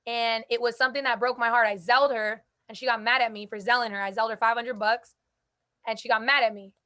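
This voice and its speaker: A young woman hosting a group call, giving an energetic, emphatic motivational talk with casual slang. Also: fairly high pitch, fast. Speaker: host speaking to a call group.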